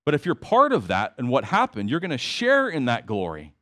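A man's voice: mid-range voice, wildly swooping pitch, fairly quick, fairly bright tone. A man preaching a sermon to his congregation, conversational with emphatic repetition and asides. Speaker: pastor.

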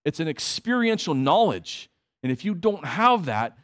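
A man's voice: fairly high pitch, sing-song, moderate pace, a bit bright. A man preaching a sermon to his congregation, conversational with emphatic repetition and asides. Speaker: pastor.

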